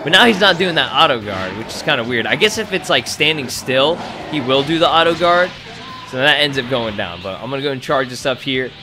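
A young man giving excitable gameplay commentary, swearing freely and shouting hype exclamations. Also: mid-range voice, brisk, over music. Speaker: gaming YouTuber.

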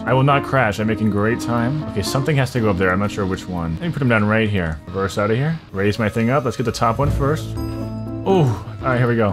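A man giving casual, excitable gameplay commentary, swearing a lot and breaking into loud frustrated outbursts. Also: medium pitch. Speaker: gaming video creator.

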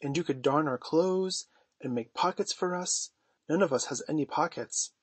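A man's voice: fairly high pitch, normal speed, slightly rough, no echo, voice pushed up. A man reading aloud voices a cocky, sly boy who never grows up, speaking in a coaxing, wheedling way.

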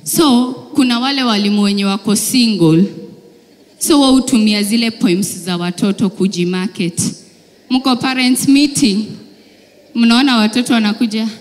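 A woman doing stand-up comedy in an animated, teasing way, mixing in English phrases. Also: a little high, normal speed, long reverb tail.

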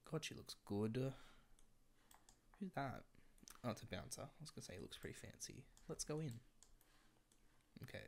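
Chatty creaky-voiced woman gaming. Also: very deep voice, a little mellow. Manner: chatty, wry, talks to the game characters. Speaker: gameplay commentator. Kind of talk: casual let's-play commentary.

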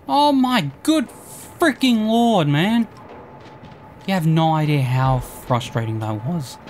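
A woman's voice: medium pitch, lively intonation, slow pace, darkish tone, a little hiss or hum. A woman giving let's play commentary, ranting and swearing at enemies in exasperation. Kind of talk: gameplay commentary.

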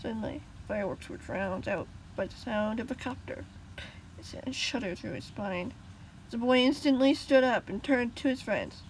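A woman's voice: on the high side, animated, moderate pace, a little hiss or hum, low-quality recording. A woman reading her own story aloud, casual, with small slips and restarts.

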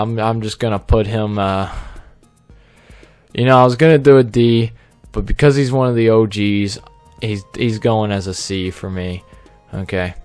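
A man giving casual off-the-cuff commentary as he ranks fellow YouTubers, joking, stammering through restarts and tagging lines with "okay?". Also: mid-range voice. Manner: rambling, joking, repeats "okay?" often. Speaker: YouTuber ranking fellow creators.

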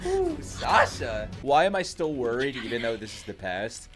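A young man reacting to an anime episode, excitable and profane, yelling at the characters on screen. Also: mid-range voice, a little fast. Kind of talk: live anime reaction commentary. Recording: music from the show playing behind.

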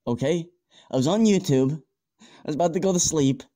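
A man's voice: a little high, fairly quick, mellow, close to an everyday voice. A young man playing a panicky amateur scientist in an amateur audio drama, stammering and swearing as he talks. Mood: frantic.

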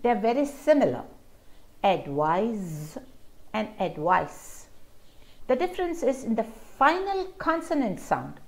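A woman teaching an English vocabulary lesson, explaining word pairs slowly and carefully and stressing syllables to show how they sound. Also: sits high, wildly swooping pitch, creaky. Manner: slow and deliberate, stressing syllables to show pronunciation.

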